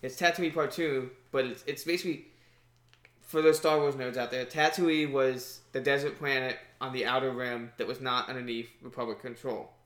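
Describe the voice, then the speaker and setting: A man co-hosting a podcast in casual chat, animated, laughing often and swearing now and then. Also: medium pitch, moderate pace. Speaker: podcast co-host. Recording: roomy echo.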